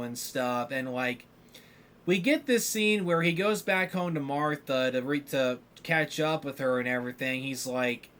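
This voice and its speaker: Animated male podcast host, slightly high voice. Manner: animated ranting, heavy filler words, frequent restarts. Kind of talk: casual solo commentary.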